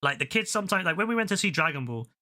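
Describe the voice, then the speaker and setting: A man's voice: high-pitched, very fast. A man, chatting casually while gaming, ranting animatedly with a lot of swearing. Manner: ranting, profane, animated storytelling. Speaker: gaming video host.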